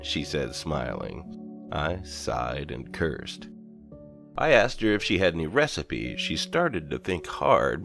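A man narrating a first-person horror story in a measured storytelling manner. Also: extremely low pitch, vocal fry. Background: soft background music.

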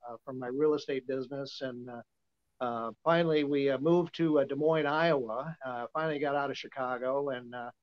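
A man's voice: mid-range voice, steady tone, moderate pace. Folksy older man in his seventies. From Nebraska. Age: 70s. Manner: folksy, rambling, many "uh" fillers. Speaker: guest, vintage guitar dealer. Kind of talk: casual storytelling. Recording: dull, lo-fi sound.

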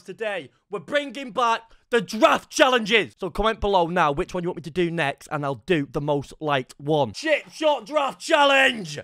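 A young man giving lively live commentary on his own gameplay, talking to himself and bursting into shouts. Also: fairly high pitch. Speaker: gaming YouTuber.

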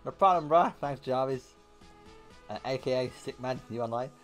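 A man's voice: medium pitch, normal speed, faint music behind. A young man streaming a game, telling rowdy stories in a casual, swear-heavy way. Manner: animated, swears freely, bursts into loud laughter. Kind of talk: casual storytelling while gaming.

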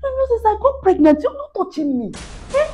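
A high, swooping voice belongs to a frustrated, emotional pregnant wife, played by a woman with a Nigerian accent. She scolds and pleads by turns, tagging her questions with a sharp "Eh?" in a comedy skit. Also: sing-song, brisk, slight background noise. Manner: pleading and scolding, with repeated "Eh?" tags.

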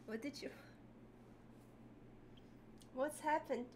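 A woman's voice: sits high, extremely slow, a little hiss or hum. A woman streamer chatting live with her viewers, stammering and giggling through overwhelmed thanks. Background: music.

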